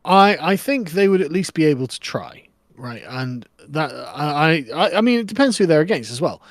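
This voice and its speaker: A man's voice: a little high, animated, normal speed, no room sound. Stammering English man, dry close sound. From England. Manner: stammering restarts, chuckling, blunt. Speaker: guest. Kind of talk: casual chat on a livestream.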